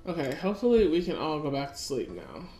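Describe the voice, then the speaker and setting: A let's-play gamer speaks in a deep, warm, sing-song voice at a slightly fast pace. She chats casually about her gameplay and talks to her characters, with faint music in an echoey room.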